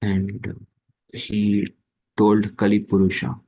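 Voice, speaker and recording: A man giving a devotional scripture class, speaking slowly and haltingly with many fillers. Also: fairly low pitch, fairly even intonation, narrow, tinny audio.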